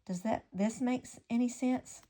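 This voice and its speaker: A woman reading the lines of a kind, earnest young male singer in a soft, gentle, pleading way. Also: a little high, a little slow, voice pushed up, natural voice.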